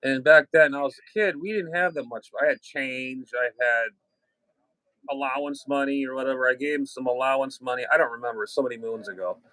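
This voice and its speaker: A man's voice: medium pitch, fairly even intonation, brisk, pushed and bright, no echo, poor audio. A middle-aged man chatting casually over ham radio, rambling with restarts and mild cursing.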